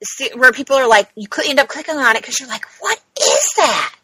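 A woman's voice: high-pitched, quick pace, background noise. A woman in her thirties co-hosting a podcast, chatting casually with lots of "like" and "um". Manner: chatty, many "like" and "um" fillers. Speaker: podcast co-host. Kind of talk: casual chat.

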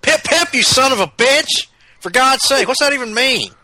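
A man doing an impression of an irritable older man who shouts curses. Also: extremely high pitch, animated, moderate pace, no echo, voice pushed up, exaggerated voice. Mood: irate. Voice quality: shouty, profane.

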